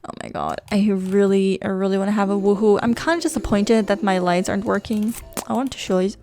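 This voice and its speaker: A woman giving casual let's play commentary, excitable and chatty, gushing about her game characters. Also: mid-range voice, fairly quick.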